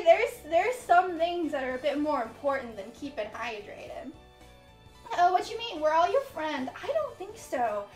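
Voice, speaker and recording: A high-voiced woman streams from her room, swearing freely and playing up her suffering for laughs as she reads chat and answers viewers. Her voice rings in a roomy, echoey space, with faint music under it. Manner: profane, melodramatic comic complaining. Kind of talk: casual live-stream chat with chat readouts. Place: her upstairs room at home.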